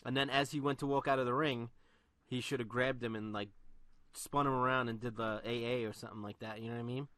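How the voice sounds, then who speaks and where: Laid-back bright-voiced man chatting. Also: medium pitch, steady tone, fast talker, dry recording, studio quality. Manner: laid-back, leans on "you know" and "like". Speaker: podcast co-host. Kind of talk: casual wrestling chat.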